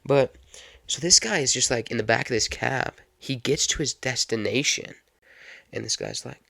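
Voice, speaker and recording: Gravelly young man rambling on a podcast. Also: medium pitch, normal speed, bright, forceful tone, dry recording, clean studio sound. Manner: rambling, repeats phrases, chatty. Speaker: podcast host. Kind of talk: casual solo podcast chat.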